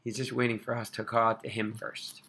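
A man telling an inspirational religious story in an animated, expressive way. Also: medium pitch, fairly quick.

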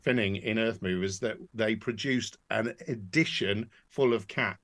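A man, a podcast guest, telling his career story in a relaxed, rambling way with many fillers and restarts. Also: lowish voice, a little slow. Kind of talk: casual interview storytelling.

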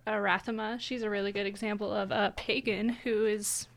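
A woman's voice: medium pitch, level tone, moderate pace, gravelly. A young woman co-hosting a radio talk show, chatty and thoughtful in casual conversation. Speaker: radio co-host.

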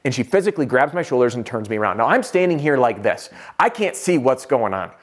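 Man, sales trainer, storytelling, animated, self-deprecating, conversational, mid pitch. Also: quick pace.

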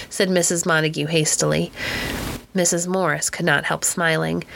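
A woman reading an audiobook narration in a calm, even storytelling manner. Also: low voice, moderate pace, vocal fry, a little hiss or hum. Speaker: audiobook reader. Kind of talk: scripted narration.

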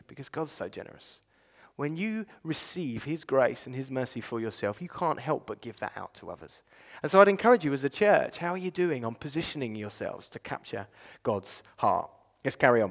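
A man preaching a sermon as a pastor, conversational and animated, with many filler phrases. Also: mid-range voice, fairly quick, gravelly. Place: church. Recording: long reverb of a church hall.

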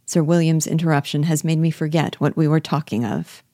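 Woman reading proud gentleman, grave, cool, low warm voice. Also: brisk, no echo, studio quality, lightly acted. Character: reserved, proud gentleman at a ball.

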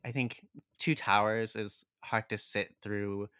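A man guesting on a film podcast talks in eager, quick bursts, stumbling and restarting as he goes. His voice is bright and forward, recorded close and dry. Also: on the low side, steady tone, clean tone, no room sound. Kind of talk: casual podcast chat.

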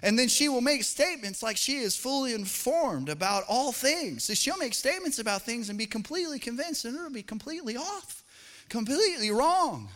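A high, bright-toned man preaches in a church auditorium, trailing a long reverb behind each phrase. He talks like he's chatting with the crowd, slipping into playful family stories and then easing down into gentle, sincere encouragement. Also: big pitch swings, moderate pace. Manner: conversational, jokey storytelling that drops to soft, earnest appeals. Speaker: pastor. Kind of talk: sermon with humorous family anecdotes.

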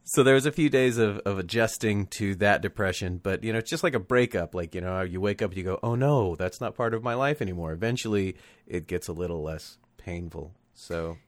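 A man's voice: low-pitched, fairly quick, hardly any pauses, no room sound. A man co-hosting a podcast in casual comedic chat, wry and joking, swearing freely. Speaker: podcast co-host.

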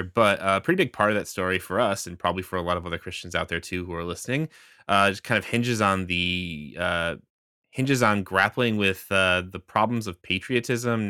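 Bright-voiced joking male podcast host. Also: sits low, no room sound, clean studio sound. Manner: jokey, chuckles while talking. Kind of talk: casual podcast chat.

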